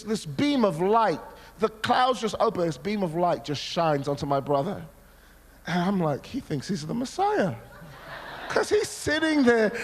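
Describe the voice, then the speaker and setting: A man preaching a sermon, telling a personal story in an animated way, acting out his own past words and sometimes breaking into shouts. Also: very high voice. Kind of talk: sermon testimony. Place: large church hall. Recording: long hall reverb.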